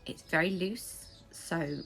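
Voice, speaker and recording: An English woman chatting casually as the host of a knitting podcast, rambling with quick asides. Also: fairly low pitch, creaky, a bit bright, faint music behind. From England. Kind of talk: casual chat. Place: home.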